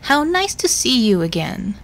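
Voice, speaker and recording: A woman voicing a fussy, kindly elderly housekeeper in a slow Southern belle drawl, reading game dialogue aloud. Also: fairly high pitch, sing-song, pitched above the performer's own voice. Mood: fussing.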